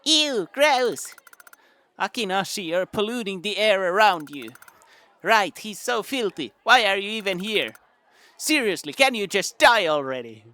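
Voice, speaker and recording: A man's voice: sits high, big pitch swings, unhurried, bright, forceful tone, pitched above the performer's own voice, full character voice. A man playing sneering teenage bullies. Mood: contemptuous. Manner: sneering, mocking. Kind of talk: reading game dialogue aloud.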